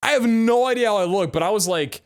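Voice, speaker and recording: A man's voice: high-pitched, fast talker, clear, resonant tone. A young adult man streaming live, telling a story casually, full of laughs and casual swearing.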